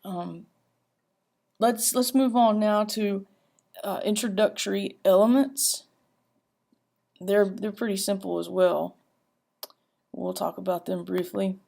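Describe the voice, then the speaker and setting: A woman teacher giving a grammar lecture, halting and repeating herself with many fillers as she reads example sentences aloud. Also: mid-range voice, fairly even intonation, creaky, warm tone.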